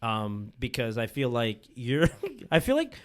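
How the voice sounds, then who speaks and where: A middle-aged man co-hosting a podcast talks easily in a mid-range voice. He laughs a lot and is quick to agree. His tone stays relaxed and conversational. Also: mid-range voice. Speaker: podcast co-host. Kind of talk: casual chat.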